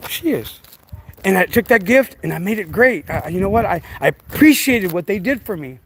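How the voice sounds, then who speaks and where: A man's voice: high voice, animated, a little fast, a little hiss or hum. A man talking casually to camera about raising his dogs, rambling and preachy, with many restarts and fillers, outdoors. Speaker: dog breeder.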